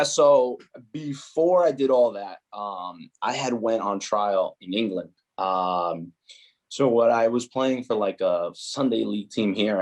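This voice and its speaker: Low-voiced New man telling stories. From New Jersey, USA. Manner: animated, heavy use of "like" and "you know". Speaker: podcast guest, footballer. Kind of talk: casual storytelling chat.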